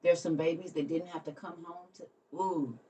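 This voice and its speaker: A woman who hosts a livestream and tells a story in a casual way. She laughs often and swings between soft, quiet lines and loud ones. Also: fairly low pitch, fairly even intonation, moderate pace, far from the mic, highs cut off. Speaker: livestream host.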